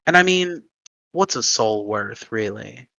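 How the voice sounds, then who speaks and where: Guy doing a soft slow devil voice that taunts and bargains, bright tone, dry sound, feels like a tabletop game villain whispering in your head. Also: mid-range voice, animated, vocal fry, no room sound, muffled recording, heavily acted. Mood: taunting. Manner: slow, quiet and mocking.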